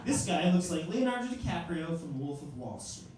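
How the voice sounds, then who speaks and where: A man in his twenties doing a stand-up set in a comedy club, telling stories deadpan and acting out hecklers. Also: fairly high pitch, normal speed. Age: 20s. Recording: live club room, echoey, distant mic, audible noise and laughter.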